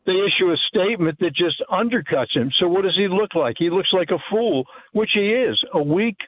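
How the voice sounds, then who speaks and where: A man calling in to a talk radio show, speaking scornfully with many halting fillers and restarts. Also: high-pitched, animated. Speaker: caller or guest on the phone. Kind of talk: opinionated talk radio commentary. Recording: tinny phone line.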